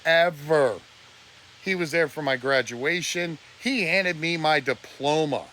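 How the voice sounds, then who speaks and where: A man's voice: on the high side, slow, bright, forceful tone, a little hiss or hum. A man ranting on a live stream, preachy and blunt, his voice close to breaking with emotion. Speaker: livestreamer.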